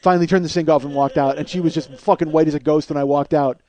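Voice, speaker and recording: A man's voice: on the high side, fairly even intonation, fast talker, warm tone. A man in his forties hosting a comedy podcast, telling a long story in a rambling, profane way that builds into indignant rants. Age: 40s. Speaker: podcast host.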